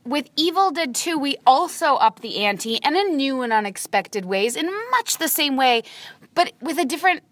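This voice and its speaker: A woman's voice: high voice, animated, normal speed, a bit bright, no room sound. A woman co-hosting a podcast, teasing and arguing her opinions in casual chat. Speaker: podcast co-host.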